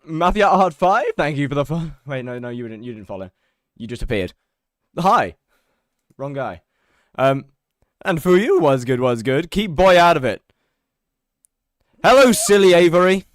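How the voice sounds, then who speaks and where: High-voiced young man chatting to stream chat. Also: sing-song, normal speed, pauses often, no room sound, studio quality. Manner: chatty, greets chat by name, self-mocking. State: out of breath. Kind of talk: casual live-stream chat.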